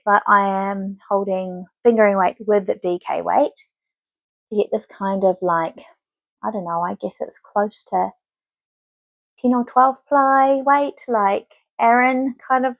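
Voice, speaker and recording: A woman's voice: medium pitch, no echo. A woman in her thirties hosting a knitting podcast, chatting casually and rambling with many filler words. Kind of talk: casual chat to camera.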